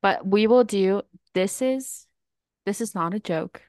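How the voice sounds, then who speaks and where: A young woman co-hosting a casual podcast. She talks in a loose, chatty way, dotting her sentences with "like" and quick laughs. Her voice sits in a middle register, and the recording is close and dry with no room sound. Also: mid-range voice, a little mellow, dry recording. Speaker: podcast co-host. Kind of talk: casual chat.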